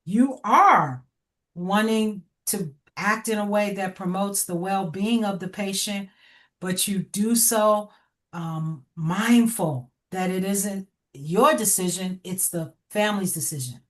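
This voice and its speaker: A woman's voice: mid-range voice, slow. A middle-aged woman teaching over a video call, giving direct, encouraging feedback with frequent laughter. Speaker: educator. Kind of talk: online class feedback.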